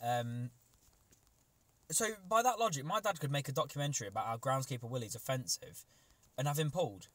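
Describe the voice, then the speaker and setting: A man's voice: medium pitch, a little fast, no echo. A man co-hosting a casual podcast, arguing his opinions animatedly and repeating words as he goes. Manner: animated, argues his point with repeated likes. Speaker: podcast co-host. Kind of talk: casual chat, opinionated discussion.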